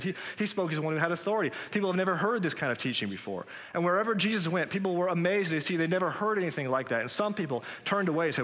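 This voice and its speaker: A man preaches with a bright, forceful voice that carries a long hall reverb. His delivery is earnest and conversational, climbing to emphatic peaks. He speaks from a church sanctuary. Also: on the high side. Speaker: pastor. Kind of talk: sermon.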